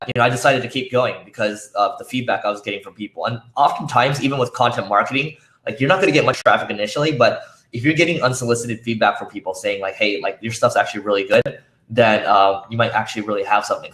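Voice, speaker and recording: A man's voice: medium pitch, fast talker, a bit bright. A man speaking at a conference, talking casually with many fillers and restarts, his voice worn from use. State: losing his voice. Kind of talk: conference talk. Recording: roomy echo.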